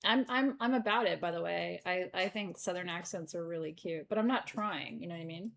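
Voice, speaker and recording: A woman's voice: fairly low pitch, fairly quick, gravelly, fairly bright tone, slight background noise. A middle-aged woman hosting a live stream sale, joking and laughing as she shows off stones. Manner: playful, giggly, jokey. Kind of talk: live-stream sales chat.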